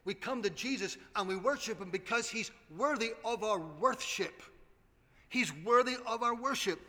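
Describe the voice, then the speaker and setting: High, bright-voiced preacher. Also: male voice, normal speed. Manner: earnest preaching with repeated appeals to the congregation. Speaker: pastor. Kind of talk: sermon. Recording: long hall reverb.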